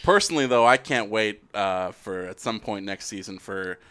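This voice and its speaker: Bright, lively Canadian podcast host. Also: male voice, on the low side, normal speed, smooth. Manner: playful, animated segment intros. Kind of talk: casual chat.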